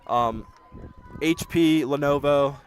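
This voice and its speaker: A man's voice: fairly high pitch, slow pace, a little hiss or hum. A young man doing casual play-by-play commentary for a school sports broadcast, chatty and joking.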